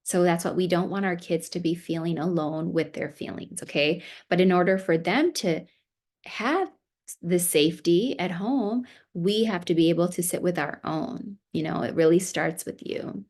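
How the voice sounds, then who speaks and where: A woman's voice: fairly low pitch, normal speed. A woman family therapist giving a seminar talk to parents, conversational and coaching, with an American accent. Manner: conversational, warm coaching with acted parent quotes.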